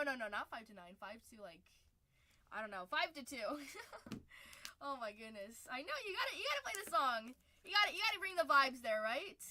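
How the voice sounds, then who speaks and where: A woman's voice: on the high side, bright, forceful tone. A young woman hosting a card-breaking livestream, chatting casually and upbeat with viewers and laughing often. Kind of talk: casual livestream chat while opening cards.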